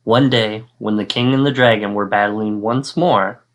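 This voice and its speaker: A male fourth-grade teacher reading a children's picture book aloud, with expressive storytelling and acted-out sound effects. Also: lowish voice, normal speed.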